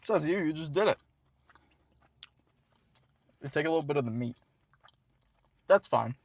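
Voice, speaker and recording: A man's voice: on the high side, expressive, a little slow, dry recording. A man hosting a casual food review from inside a car, rambling and self-assured with a jokey streak.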